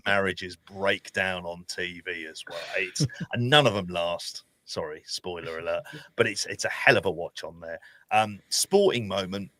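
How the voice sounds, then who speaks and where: Deep-voiced man, blunt and sweary. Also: fairly bright tone. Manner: blunt, sweary, laughing asides. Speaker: podcast co-host. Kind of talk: casual chat.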